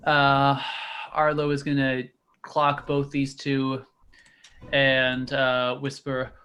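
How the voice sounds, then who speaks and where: A man's voice: medium pitch, a bit bright, slight background noise. A man playing a tabletop game, talkative, thinking aloud about his turn with mild exclamations. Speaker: player.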